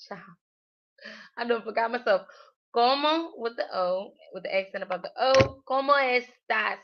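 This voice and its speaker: A woman's voice: a little high, normal speed, muffled recording. A woman livestreaming her language study, thinking aloud hesitantly with many fillers. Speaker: language learner.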